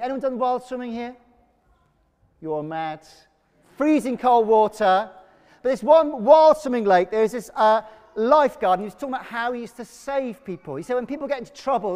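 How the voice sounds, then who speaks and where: High-voiced pastor in a reverberant church. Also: male voice. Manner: energetic, leads congregation call-and-response. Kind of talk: sermon. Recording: long reverb of a church hall.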